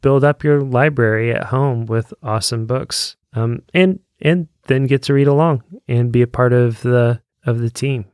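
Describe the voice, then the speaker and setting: A man co-hosting a podcast, talking casually in an earnest, slightly halting way as he explains things. He speaks at an everyday middle pitch. The recording is dry and close. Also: fairly even intonation, a little mellow, clear, resonant tone, no echo. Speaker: podcast co-host.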